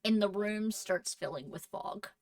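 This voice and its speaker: Slow, measured woman narrating a game. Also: mid-range voice, a little mellow, no echo, far from the mic. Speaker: game master. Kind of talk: narrating a tabletop role-play.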